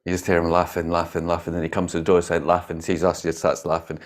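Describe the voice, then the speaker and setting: Guy giving a buddhist dharma talk, lowish voice, laughs a lot, swears a bit, really animated. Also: fast. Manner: laughs often, animated and emphatic, swears casually. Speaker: meditation teacher.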